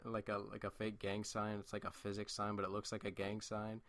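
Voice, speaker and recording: A man's voice: fairly low pitch, fairly even intonation, moderate pace, creaky, hardly any pauses, fairly bright tone, dry recording, studio quality. A young man in his late teens tells a long, rambling school story while playing a video game. He breaks off into asides and restarts. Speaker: gameplay commentator. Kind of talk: casual storytelling over gameplay.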